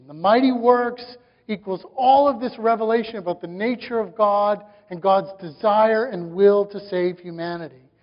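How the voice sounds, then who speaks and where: A man with a high voice delivers a sermon, his emphasis rising through run after run of questions. His voice rings with a long reverb, and the recording has a dull, muffled tone. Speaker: pastor.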